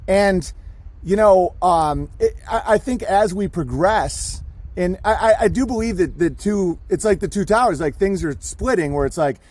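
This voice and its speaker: High-voiced man, irreverent podcast guest. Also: lively intonation, moderate pace, a little mellow, dry recording. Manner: irreverent, rambling storytelling. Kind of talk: casual podcast conversation.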